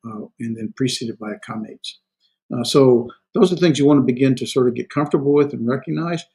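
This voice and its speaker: A man teaching a recorded language class, explaining grammar with many fillers and self-corrections, and slowing down to sound out words syllable by syllable. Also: mid-range voice, a little mellow, poor audio. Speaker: Hebrew instructor.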